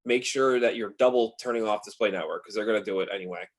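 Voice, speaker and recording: Fast-talking man on a video call. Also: fairly low pitch. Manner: animated storyteller, talks fast. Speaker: agency owner. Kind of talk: casual roundtable chat.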